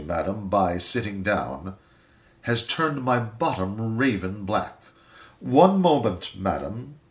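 A man reciting a poem in slow, dramatic, measured phrasing. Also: on the low side. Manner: measured, deliberate, weighty phrasing. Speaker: poetry reader. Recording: roomy echo.

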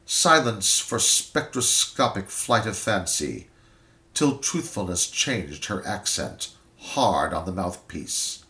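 Very slow, deliberate male poetry reciter. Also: sits low, very animated, sharp tone. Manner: measured, deliberate, weighty phrasing. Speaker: poetry reader. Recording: roomy echo.

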